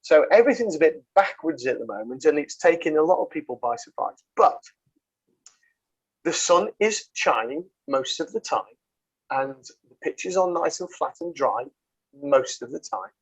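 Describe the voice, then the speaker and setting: A man's voice: fairly high pitch, animated, normal speed, breathy edge. A man hosting a casual rugby podcast, swearing freely and bantering with many fillers. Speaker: podcast host. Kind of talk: casual chat. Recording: dull lo-fi sound.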